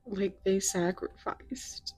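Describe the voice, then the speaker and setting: A woman doing a pick-a-card tarot reading, talking in a soft, musing way that drifts into whispers. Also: medium pitch, fairly even intonation, takes it slowly, no echo, soft background music. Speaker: tarot reader.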